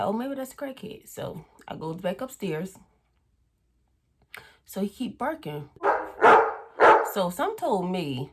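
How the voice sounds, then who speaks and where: A young woman telling a storytime on her vlog in a casual, animated way, acting out what people said. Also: lowish voice, husky. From Philadelphia area. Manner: animated, acts out quoted voices, swears freely. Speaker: vlogger.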